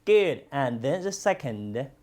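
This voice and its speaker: A Chinese language teacher, a native Chinese speaker, teaching a class in English with steady praise and repetition. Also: mid-range voice. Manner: slow, encouraging, repeats lots of praise. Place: classroom with students.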